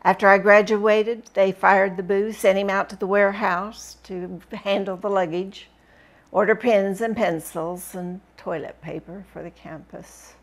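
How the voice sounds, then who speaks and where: A woman reading a first-person memoir aloud with expressive, dramatic storytelling. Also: medium pitch, measured pace. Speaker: book reviewer reading aloud.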